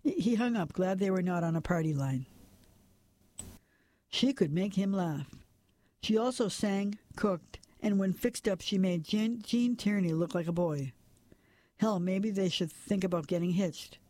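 A man reading a novel aloud as narrator, in a steady, plain manner with an occasional slip and restart. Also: high-pitched, measured pace, no room sound. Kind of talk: audiobook narration.

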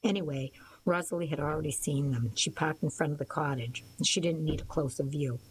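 Woman reading an audiobook, low calm voice, soft and quiet, faint hiss behind. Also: brisk, rough recording. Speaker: audiobook narrator. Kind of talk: first-person audiobook narration.

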